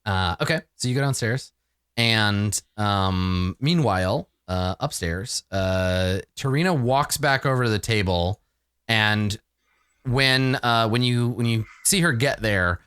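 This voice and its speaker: A man's voice: lowish voice, slow pace, fairly bright tone, clear, resonant tone, no room sound, clean studio sound. A man narrating a tabletop game as game master, casual and full of restarts. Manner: casual, many fillers and restarts.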